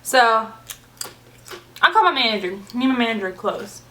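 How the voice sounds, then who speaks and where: Animated woman telling a storytime. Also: on the high side, brisk, a little hiss or hum. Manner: animated storytelling, casual slang. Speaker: vlogger. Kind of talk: storytime vlog.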